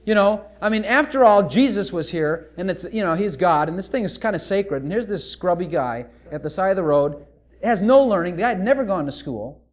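A male preacher delivering a sermon, animated and full of rhetorical questions. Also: high-pitched, fairly quick.

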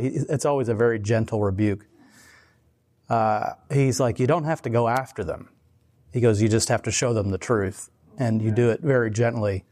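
A man's voice: medium pitch, darkish tone. A man preaching in a casual, conversational sermon style, telling stories with many restarts and laughing at himself. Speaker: pastor.

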